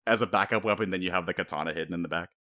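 A man co-hosting a casual podcast, talking fast and animated, laughing often and breaking into high-pitched impressions. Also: no room sound, studio quality. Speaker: podcast co-host. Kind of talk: casual chat.

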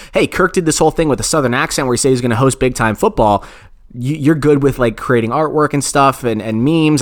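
A man co-hosting a podcast, telling long rambling stories in a casual, self-deprecating way. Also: medium pitch. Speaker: podcast co-host.

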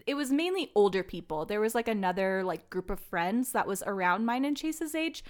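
Casting note: young woman, casual podcast co-host, rambly and filler-heavy, mid-pitched. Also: expressive, normal speed. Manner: chatty, rambling, lots of "like" fillers. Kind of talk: casual chat.

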